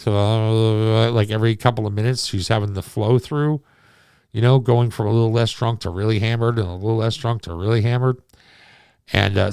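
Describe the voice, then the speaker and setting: Forties guy, gravelly, dry close sound; rambling and profane storyteller. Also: fairly low pitch, darkish tone, no room sound. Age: 40s. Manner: rambling, profane, self-deprecating. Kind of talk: casual storytelling monologue.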